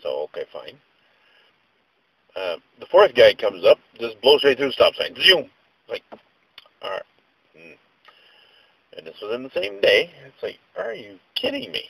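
A man's voice: medium pitch, very animated, measured pace, creaky, long pauses, fairly bright tone, slightly rough, no room sound, rough recording. A man vlogging a casual rant, telling stories in a rambling, exasperated way with mild slang.

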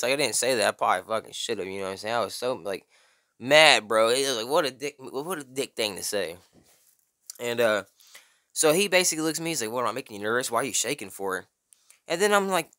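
A young man telling a story casually, full of slang and "bro", loudly acting out the people in it. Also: fast talker. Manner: slangy, animated, says "bro" often; acts out quotes in high strained voice. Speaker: vlogger.

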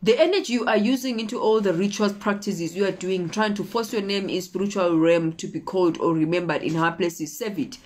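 A woman delivers a motivational sermon in a mid-pitched voice. She repeats her main points insistently and often pauses to ask her listeners if they follow. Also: a little mellow. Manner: repetitive, exhorting, often checking in with "okay?". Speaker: preacher.

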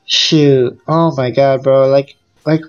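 A gaming YouTuber giving casual let's-play commentary, excitable and full of exclamations and groans. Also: medium pitch, slow pace, highs cut off, soft background music.

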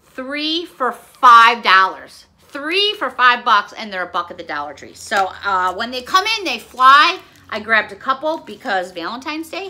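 Chatty, lively-voiced woman vlogger. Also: fairly high pitch, unhurried, slight background noise. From Chicago area. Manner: chatty, animated, talks straight to viewers. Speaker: haul video host. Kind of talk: casual haul chat.

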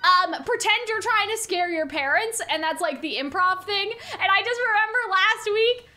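Excitable high-voiced young woman gushing over a game. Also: moderate pace. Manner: excitable, gushing, giggly, swears casually. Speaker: let's play streamer. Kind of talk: game reaction commentary.

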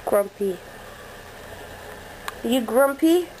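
A woman with a high voice chats slowly and playfully to her dog in a living room. It is recorded on a handheld camera with clear background noise. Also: animated, darkish tone. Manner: playful, coaxing pet talk. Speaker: dog owner filming her puppy. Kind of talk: casual home video, chatting to a pet. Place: living room at home, indoors. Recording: noisy amateur home video.

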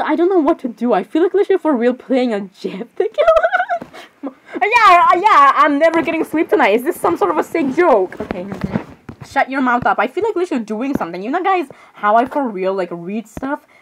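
A young woman giving excitable, dramatic casual commentary, often repeating exclamations and laughing. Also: high voice, brisk, slight background noise. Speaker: narrator voicing characters.

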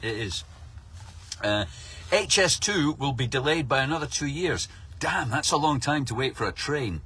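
Raspy sarcastic man ranting. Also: mid-range voice, lively intonation, normal speed, pushed and bright. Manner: sarcastic, mocking, swears a lot. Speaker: comic news commentator. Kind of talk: sweary satirical rant.

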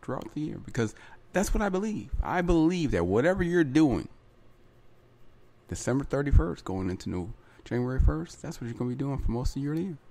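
A man's voice: mid-range voice, sing-song, fairly quick, gravelly, dark tone. A man hosting his own podcast, talking in a chatty solo monologue full of repeats and asides like "right?" and "you know". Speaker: podcast host.

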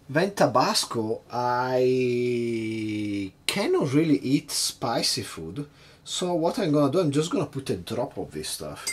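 A man's voice: fairly low pitch, slight background noise. A man hosting a casual cocktail-making vlog at his home bar, chatty and hesitant, nervously poking fun at himself. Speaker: home bartender host.

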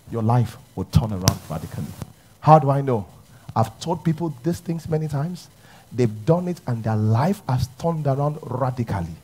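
A man preaching a sermon, shifting from loud exclamations to hushed, intimate speech. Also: a little high, slight background noise. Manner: dramatic swings between shouting and hushed speech. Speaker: pastor.

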